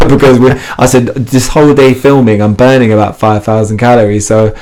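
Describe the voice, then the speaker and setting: A man who hosts a fitness TV show, chatting as a podcast guest and telling lively stories with frequent laughs. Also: medium pitch, fairly quick. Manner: animated storytelling, laughs often, restarts sentences. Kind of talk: casual interview chat.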